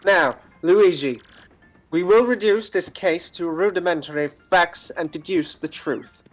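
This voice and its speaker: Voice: medium pitch, measured pace, faint music behind, natural voice. A streamer voicing a pompous, formal male penguin detective from a game, self-assured and grandiose. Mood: confident. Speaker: streamer reading game dialogue. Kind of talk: voice acting a game's text on stream.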